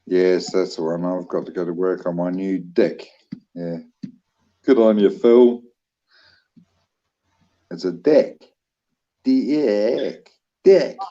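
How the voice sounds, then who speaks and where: A man's voice: sits low, steady tone, slow pace, long pauses, warm tone, dull audio. A man with a New Zealand accent, chatting casually on a livestream, joking easily and answering chat comments. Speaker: livestream co-host reading chat.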